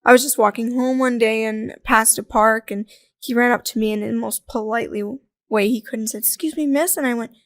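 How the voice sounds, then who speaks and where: Lively young woman telling stories. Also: on the high side, a little fast, dry recording, clean studio sound. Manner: animated storyteller, acts out quoted voices, laughs often. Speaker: podcast guest. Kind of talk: casual conversational interview.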